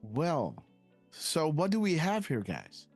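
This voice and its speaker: A man's voice: fairly high pitch, huge pitch swings, slow pace, darkish tone, husky, faint music behind. A man hosting a live decoding stream, rambling and hesitant, often tagging "guys, right?" onto his sentences. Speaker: host.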